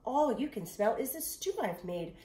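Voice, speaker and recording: A woman voicing a fretful little old woman in a storybook reading, talking in a hushed, anxious way and drawing out her words. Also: fairly high pitch, animated, moderate pace, reverberant, pitched above the performer's own voice, lightly acted.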